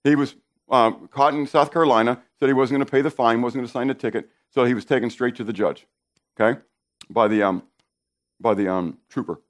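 A man's voice: mid-range voice, a little fast. A man preaching a sermon, stressing key words by repeating them and speaking directly to his listeners.

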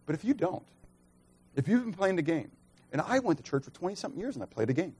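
A middle-aged man preaching a sermon, who swings from loud, emphatic stretches to soft, quiet asides and keeps asking the congregation questions. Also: medium pitch, very animated, racing, husky. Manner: conversational, asks the congregation questions. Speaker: pastor.

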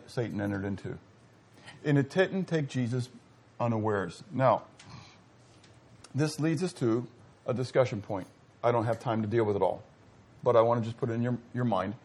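A middle-aged pastor preaches a sermon, swinging from loud exclamations to quiet asides and posing questions to his listeners. His medium-pitched voice is slightly rough and a little fast.

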